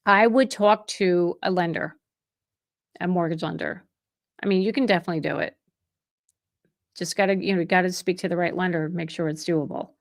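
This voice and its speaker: A woman's voice: fairly low pitch, fairly even intonation, normal speed, pauses often. A middle-aged woman who is a real estate agent, hosting a livestream Q&A and answering viewer chat in a conversational way, often restarting and correcting herself mid-sentence. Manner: chatty and conversational, with frequent restarts and self-corrections; openly emotional and effusive toward viewers.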